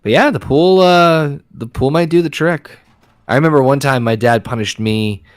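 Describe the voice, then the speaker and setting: A man's voice: medium pitch, moderate pace. Rambling, foul-mouthed man telling stories. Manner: profane, rambling, self-interrupting. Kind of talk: casual storytelling chat.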